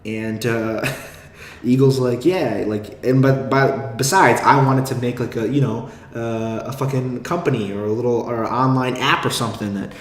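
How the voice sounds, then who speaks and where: A man's voice: mid-range voice, steady tone, moderate pace. A young man hosting a podcast, talking in a rambling, self-deprecating way with lots of fillers and swearing. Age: young adult. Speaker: podcast host. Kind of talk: casual monologue. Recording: echoey room.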